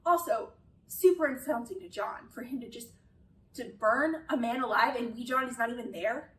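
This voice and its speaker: A woman's voice: fairly high pitch, normal speed, fairly bright tone, roomy sound, far from the mic, slight background noise, low-quality recording. A woman chatting casually through a critique of a show, exasperated at times and swearing freely. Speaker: video essayist.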